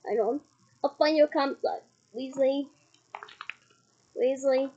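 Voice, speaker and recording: A woman's voice: high voice, fairly even intonation, slow pace, dark tone, highs cut off. A woman voicing a tired, grumpy Scottish male wizard official in a storybook reading, speaking curtly. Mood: weary. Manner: tired, curt.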